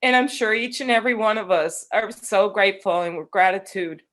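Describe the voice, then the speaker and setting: A woman's voice: medium pitch, a little fast, fairly bright tone. Earnest, playful woman guest. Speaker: guest teacher. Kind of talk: heartfelt online chat.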